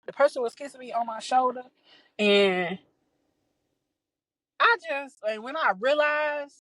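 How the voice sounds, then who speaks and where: A young adult woman, talking a bit high in her range. She recounts a story in a loose, profane, exasperated podcast style, stumbling and restarting as she goes. The recording is close and dry, with no room sound around her. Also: a little slow, a bit bright, dry recording, poor audio. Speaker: podcast host. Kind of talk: casual storytelling.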